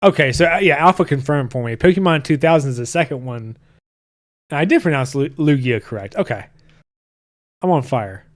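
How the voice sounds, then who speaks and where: With a medium pitch and lively intonation, this podcast host talks a little fast. In his thirties, he chats casually and reads viewer comments, loose and profane, restarting often.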